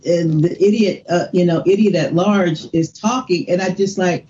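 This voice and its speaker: A woman ranting in casual chat, halting and exasperated, swearing freely. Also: fairly low pitch, dark tone, slight background noise. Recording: dull lo-fi sound.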